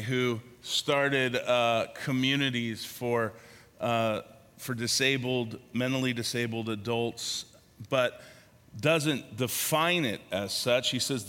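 Slow-speaking pastor in a reverberant hall. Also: male voice, mid-range voice, pushed and bright. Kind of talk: sermon.

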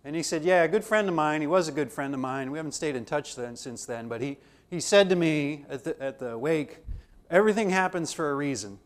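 A man teaching a theology class, his voice a little higher than most men's. He talks conversationally and slips into the voices of people in the stories he tells. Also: brisk, few pauses. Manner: conversational, acts out dialogue in anecdotes. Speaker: theology lecturer.

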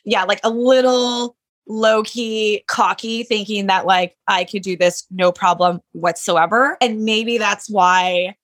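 A woman's voice: mid-range voice, steady tone, takes it slowly, fairly bright tone. Chatty woman full of "like" fillers. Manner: chatty, frequent "like" fillers, candid. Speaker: handbag designer, business owner. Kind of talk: casual storytelling interview.

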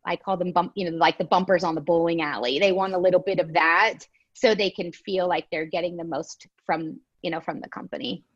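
A woman shares stories in a relaxed conversation. She jumps into little acted-out quotes and tells them with lively energy. Her audio sounds somewhat dull and lo-fi. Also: lowish voice, fairly quick, hardly any pauses. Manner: animated storyteller, quotes others in voices. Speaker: guest. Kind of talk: casual chat.

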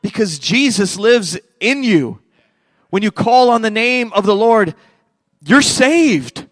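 A middle-aged man preaching a sermon as a pastor, swinging between loud fervent passages and quiet hushed ones. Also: sits high, lively intonation, takes it slowly, no room sound, faint music behind.

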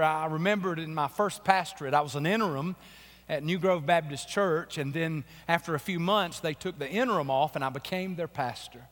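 A man preaching a sermon in church, a little hoarse from a cold, telling folksy stories that build into emphatic preaching. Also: fairly high pitch, a bit bright. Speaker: pastor. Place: church sanctuary. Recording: long reverb of a church hall.

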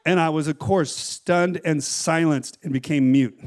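Lively, upbeat middle-aged preacher. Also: male voice, a little high, measured pace. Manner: animated storytelling with laughs. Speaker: pastor. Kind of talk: sermon.

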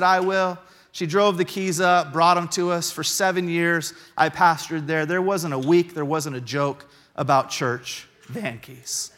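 A male pastor telling a story in his sermon, animated and building to shouted emphasis. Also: high voice, in a large hall.

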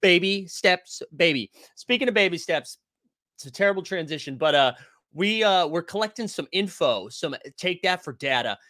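A young man hosts a casual basketball live stream. His voice is a little higher than most men's and sharply bright, and he talks loud and animated as he answers the chat. The sound is dry and close. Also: normal speed, no room sound. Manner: loud, animated, yells often; reads and answers chat comments.

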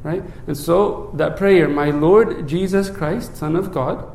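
Speaking slowly in a fairly high, creaky voice, a priest gives a casual sermon, stumbling over repeated words at phrase starts and checking in with "right?" He goes low and quiet when reciting the prayer, in an echoey room.

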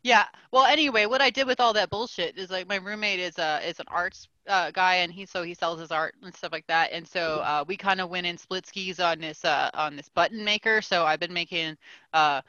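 Woman ranting on a podcast, lots of "like", bright voice, kinda dull lo-fi audio. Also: fairly low pitch, a little fast, no room sound. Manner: animated ranting with lots of "like" and swearing. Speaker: podcast co-host. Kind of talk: casual chat, storytelling.

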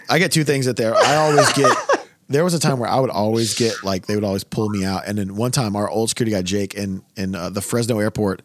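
A man in his thirties hosting a casual podcast chat, telling stories in a loud, profane, animated way. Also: mid-range voice, no echo. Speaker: podcast host.

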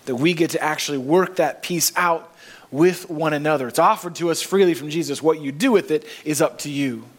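A man's voice: on the high side, fairly quick. A man preaching a sermon in a church, earnest and emphatic, rising on key phrases. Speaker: pastor.

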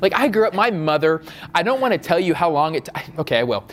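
A man's voice: a little high, big pitch swings, quick pace. A male pastor giving a sermon, chatty and joking at first, then building into fervent, repeated calls.

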